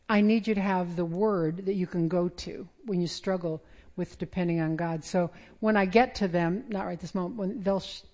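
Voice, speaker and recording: A woman's voice: mid-range voice, darkish tone. A middle-aged woman giving a sermon in a conversational way, with self-deprecating humor. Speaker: preacher.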